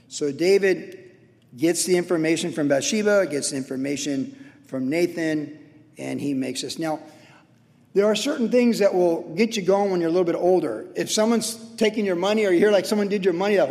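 A man in his sixties preaching a sermon in a conversational way, acting out quotes with sudden shouts. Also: high-pitched, fairly quick, in a large hall. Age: 60s. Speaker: pastor.

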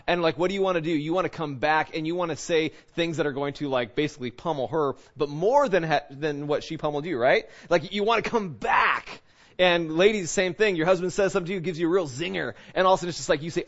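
A man preaching a conversational sermon, lively and full of fillers and restarts. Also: a little high, fairly quick, muffled recording. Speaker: pastor.

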